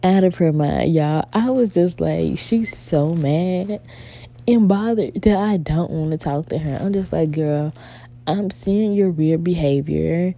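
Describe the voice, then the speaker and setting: A young woman vlogger telling a story in a casual chat, animated and exasperated, often calling her viewers "y'all". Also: low-pitched, a little slow.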